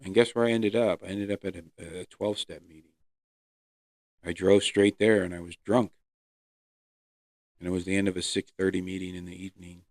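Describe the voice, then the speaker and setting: A man hosting his own podcast, earnestly telling his personal recovery story with pauses and fillers. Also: deep voice, little pitch movement, a little mellow, dry recording, studio quality. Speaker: podcast host. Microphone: close podcast mic.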